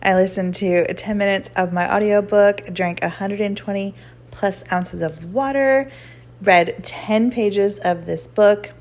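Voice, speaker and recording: A chatty woman with a drawl talks straight to her viewers, upbeat and easygoing. Her voice sits in a middle pitch, and now and then she sounds a bit winded from walking. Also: a little slow, a little mellow. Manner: chatty and upbeat, says "y'all" and "girl". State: out of breath while walking. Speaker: weight-loss vlogger. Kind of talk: casual chat to camera.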